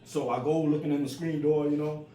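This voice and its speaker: A man's voice: on the high side, fairly even intonation, fairly quick, mellow. Stuttering man in his forties telling stories. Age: 40s. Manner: stutters, repeats words. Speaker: storyteller. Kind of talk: casual storytelling. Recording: roomy with faint ambient noise.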